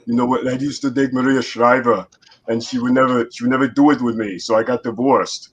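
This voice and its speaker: A man impersonating a gruff action-movie tough guy, barking clipped one-liners. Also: mid-range voice, fairly even intonation, brisk, highs cut off, pitched above the performer's own voice, natural voice.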